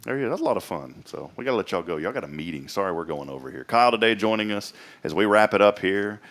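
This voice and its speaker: A man's voice: lowish voice, quick pace, noisy background. A man hosting a local morning show, teasing and telling stories in a casual chat. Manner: jokey, teasing, animated storyteller. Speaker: host.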